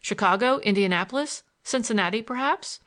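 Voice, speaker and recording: A woman reading the lines of a smitten young gentleman in an audiobook, earnest and a little awkward. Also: on the high side, lively intonation, fairly quick. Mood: gallant. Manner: earnest, gallant, slightly awkward.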